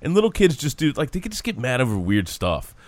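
A man's voice: medium pitch, wildly swooping pitch, fast talker, dry recording. A man, co-hosting a sports podcast in a rambling, upbeat way. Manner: rambling, upbeat, laughs easily. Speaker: podcast co-host. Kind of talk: casual sports podcast chat.

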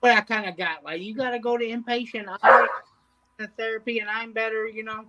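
A man's voice: high voice, steady tone, brisk, dull audio, heavy background noise. A man chatting casually as a co-host. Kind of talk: casual chat.

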